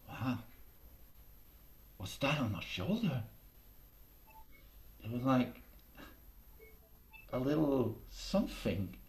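A man telling a folk tale aloud, slow and deliberate with long pauses. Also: medium pitch. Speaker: storyteller. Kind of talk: oral storytelling.

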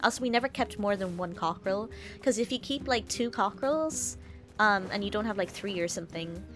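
A woman's voice: medium pitch, expressive, a little fast, soft background music. A woman game streamer chatting casually on a live stream, rambling, giggly and profane.

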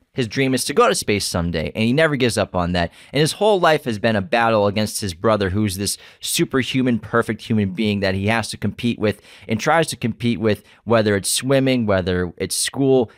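A man co-hosting a film podcast, rambling excitedly and restarting his sentences. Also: mid-range voice, no room sound, studio quality. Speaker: podcast co-host. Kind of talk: casual film discussion.

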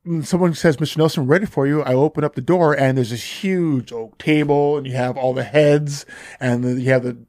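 A man's voice: on the high side, fairly quick, dry recording, studio quality. A man in his fifties, a podcast guest telling stories casually and animatedly, acting out other people's lines. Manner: animated, acts out dialogue in shifting voices. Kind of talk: casual storytelling.

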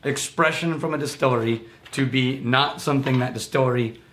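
A man chatting casually on a whisky tasting show, explaining his views at length and reaching for comparisons. His voice sits at an ordinary pitch and rings in a roomy, echoey space. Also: fairly quick, fairly bright tone, a little hiss or hum. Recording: roomy echo.

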